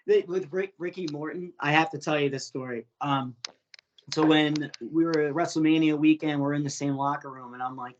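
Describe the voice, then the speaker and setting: A man's voice: on the high side, brisk, highs cut off, a little hiss or hum. A man hosting a podcast in casual chat, laughing often and swearing freely with many fillers. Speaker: podcast host.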